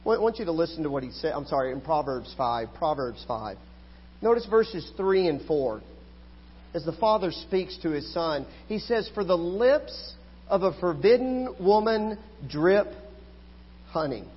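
High-voiced preacher in an echoing hall. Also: male voice, lively intonation, unhurried, slightly rough. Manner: swings between loud pleading and quiet asides. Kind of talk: sermon. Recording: hall reverb, dull lo-fi sound.

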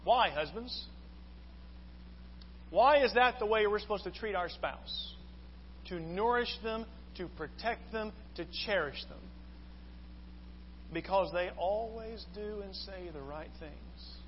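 A high-pitched man preaches earnestly, pressing his listeners with question after question. His voice rings with a long hall echo on a dull, lo-fi recording with a faint hiss behind it. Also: slow pace, pauses often. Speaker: pastor. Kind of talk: sermon.

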